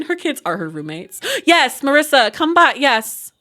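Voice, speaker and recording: A young woman giving casual let's-play commentary, chatty and quick to laugh, with lots of asides. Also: sits high, very animated, bright, forceful tone. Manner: chatty, laughs often, many "like" and "oh my God" asides. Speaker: gaming YouTuber.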